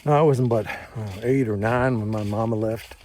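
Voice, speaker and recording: An older man telling a first-person story in a slow, measured, plainspoken and folksy way. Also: mid-range voice, a little mellow, a little hiss or hum.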